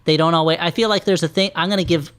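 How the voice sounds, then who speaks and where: A man's voice: on the high side, fairly even intonation, fast, fairly bright tone, clean tone. A man in casual comedic film chat on a podcast, rambling with many restarts and laughing at his own jokes. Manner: riffs into silly bits. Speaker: podcast commentator.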